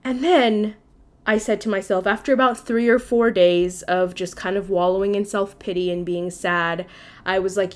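A woman's voice: medium pitch, steady tone, moderate pace. A woman hosting a podcast, telling a personal story in a candid, conversational way with casual swearing. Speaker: podcast host.

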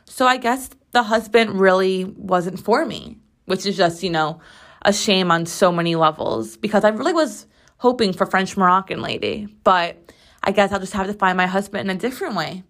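A young woman hosting a weekly show, telling a story in a casual, animated and sarcastic way, full of rambling asides. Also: mid-range voice, moderate pace. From United States. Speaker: podcast host.

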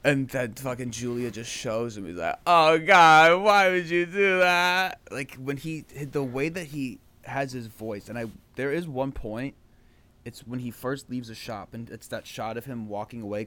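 Young man telling animated stories. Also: mid-range voice, moderate pace. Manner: animated storyteller, swears. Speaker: podcast guest. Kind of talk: casual chat.

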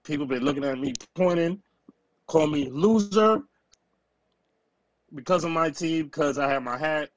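A man co-hosting a casual sports podcast, ranting and self-mocking in animated bursts. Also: fairly high pitch, unhurried, pauses often, dry recording, dull audio. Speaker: podcast co-host.

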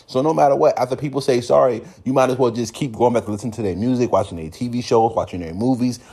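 A man's voice: medium pitch, fast talker, dark tone, husky. A man with a Californian accent, hosting a casual solo commentary podcast and acting out other people's reactions in quoted voices. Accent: Californian English. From United States. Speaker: podcast host.

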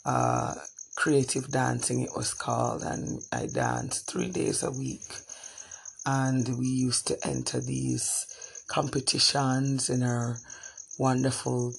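A person telling a reflective personal story about their childhood, thoughtful and unhurried, with pauses and fillers. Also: mid-range voice, vocal fry, husky, poor audio.

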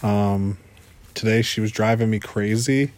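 A man co-hosting a casual podcast chat. He is laid-back and dry, and teases his co-host with deadpan remarks. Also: fairly low pitch, a little slow.

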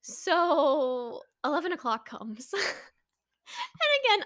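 A woman's voice: high-pitched, huge pitch swings, slow pace, pauses often, a bit bright, no echo, studio quality. A young woman chatting casually to her viewers, telling a story with lots of fillers and anxious exclamations. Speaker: vlogger.

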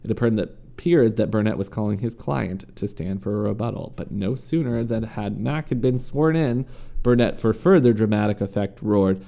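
A man's voice: fairly low pitch, normal speed, vocal fry, few pauses, warm tone. A man reading a story aloud in a casual way, stumbling and correcting himself now and then. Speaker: podcast host reading a story. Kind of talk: casual true-crime reading.

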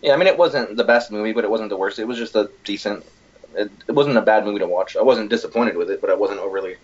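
A man with a low, husky voice talks loosely and excitedly, piling on fillers and swear words as he recounts things. The recording is a bit dull and lo-fi, like a home podcast setup. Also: fast. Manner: rambling, profane, animated retelling. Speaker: podcast co-host. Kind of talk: casual chat.

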